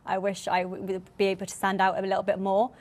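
A young woman speaks earnestly and thoughtfully. Her pitch is middling and stays very even. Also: fast. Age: young adult. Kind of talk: group discussion.

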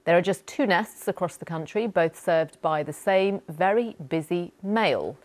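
A woman presenting the news in a clear, formal reading style. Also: on the low side, animated, moderate pace, a little mellow.

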